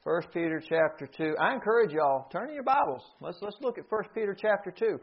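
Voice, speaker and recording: A man's voice: high voice, expressive, fairly quick, hardly any pauses, husky. Emphatic preacher man, muffled recording. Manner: emphatic, repeats key phrases, questions the listeners. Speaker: pastor teaching a Bible class. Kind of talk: sermon-style Bible teaching. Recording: dull lo-fi recording.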